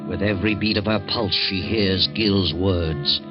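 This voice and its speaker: A male narrator telling a suspense story in a measured, dramatic 1940s radio style. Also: deep voice. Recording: dull old radio recording with music.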